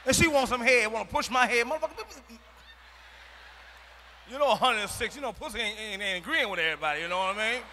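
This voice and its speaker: A man doing a stand-up routine on a large arena stage, loud, profane and emphatic, with bursts of shouting. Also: very high voice, animated, quick pace, in a large hall, slight background noise. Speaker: stand-up comedian.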